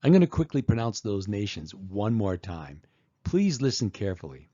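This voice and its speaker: A man teaching English pronunciation, saying words one at a time with long pauses for the listener to repeat. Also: fairly low pitch, big pitch swings, warm tone, no echo, dull audio. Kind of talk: slow, deliberate pronunciation drill.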